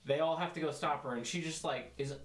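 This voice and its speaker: A man's voice: a little high, fast talker, reverberant. A man co-hosting a podcast, talking in a laid-back, loose casual chat. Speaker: podcast co-host.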